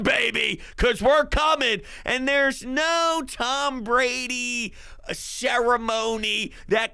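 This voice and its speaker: A man hosting a sports podcast, giving excited fan commentary with boastful, hyped talk and bursts of shouting. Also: very high-pitched, clean tone, no room sound.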